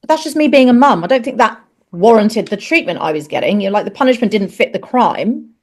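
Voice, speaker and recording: A middle-aged woman talks openly as a podcast guest, her voice sitting at an ordinary middle pitch. She tells the story frankly and swears freely. When she plays out each exchange, she jumps up into animated, higher voices. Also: quick pace. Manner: animated, acts out the dialogue in raised voices. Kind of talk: candid personal storytelling.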